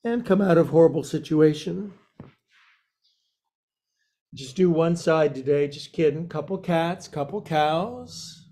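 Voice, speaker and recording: A man's voice: a little high, slow pace, pauses often, warm tone. A man teaching a yoga class and guiding poses with a playful, joking manner.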